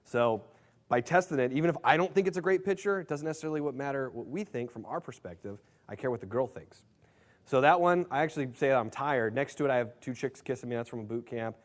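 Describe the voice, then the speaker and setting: Brash fast-talking man coaching a seminar. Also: medium pitch. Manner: brash storytelling, swears freely, filler-heavy. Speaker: dating coach presenting a seminar. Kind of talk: casual seminar talk to a live room.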